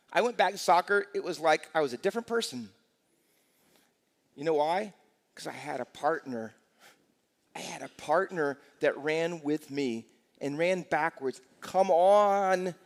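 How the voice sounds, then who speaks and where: A man in his sixties, a pastor preaching a lively sermon in a church, telling stories and asking the congregation rhetorical questions. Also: a little high. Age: 60s. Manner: energetic storytelling with rhetorical questions. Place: church sanctuary. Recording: long church hall reverb.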